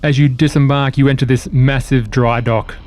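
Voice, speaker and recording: A man running a tabletop role-playing game as game master, setting scenes in slow, descriptive narration. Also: medium pitch, fairly even intonation, noisy background.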